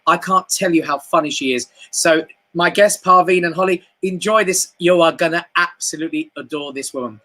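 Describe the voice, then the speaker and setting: Chat show host, bright voice, friendly, chatty. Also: mid-range voice, fairly quick. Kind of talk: talk show hosting.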